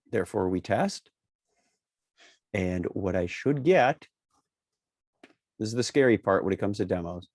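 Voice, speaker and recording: A man co-hosting a casual software tutorial, walking through a screen-share with wry jokes and emphatic repetition. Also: deep voice, no room sound, studio quality. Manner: joking, repeats key points with emphasis. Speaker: co-host presenting a software demo.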